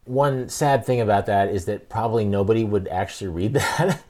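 A man's voice: fairly low pitch, fairly quick, darkish tone. A man hosting a podcast, talking casually and thoughtfully, telling stories. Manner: reflective, thoughtful storytelling. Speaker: podcast host. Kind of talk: casual conversation.

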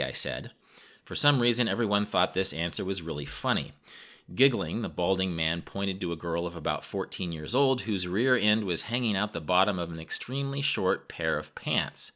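A man's voice: sits low, animated, moderate pace, pushed and bright. A man from the United States narrating a travel memoir in a wry, self-mocking way.

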